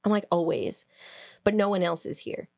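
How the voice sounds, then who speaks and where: A woman co-hosting a podcast, telling a story in a casual, animated way, laughing, swearing and acting out quotes. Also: fairly low pitch, normal speed, vocal fry, dry recording. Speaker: podcast co-host.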